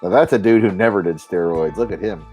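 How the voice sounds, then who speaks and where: A man hosting a live stream, talking in a rambling, profane, animated way. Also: sits low, quick pace, faint music behind. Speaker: stream host. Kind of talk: casual chat.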